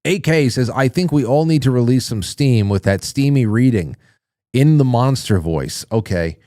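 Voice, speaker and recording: A man's voice: medium pitch, lively intonation, moderate pace, mellow, no echo, clean studio sound. A man hosting a call-in show, reading viewer messages aloud in a chatty, jokey way and reacting with surprise. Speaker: radio show host.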